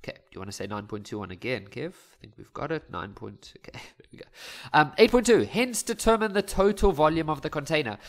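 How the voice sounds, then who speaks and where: A man's voice: on the high side, big pitch swings, fast talker. A young man teaching a casual maths lesson, chatty and joking, laughing at his own slips as he works through exam questions. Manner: chatty, jokes and laughs at himself. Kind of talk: casual maths lesson over worked examples.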